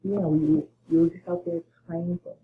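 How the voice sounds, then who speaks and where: A man giving excitable gaming commentary, bursting into panicked yelling and muttering asides under his breath. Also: on the high side, normal speed. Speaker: gamer. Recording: tinny phone-like mic with faint hiss.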